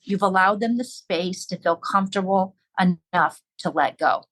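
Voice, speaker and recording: A woman's voice: on the low side, normal speed, fairly bright tone, rough recording. A woman talking earnestly and reflectively in a casual podcast conversation.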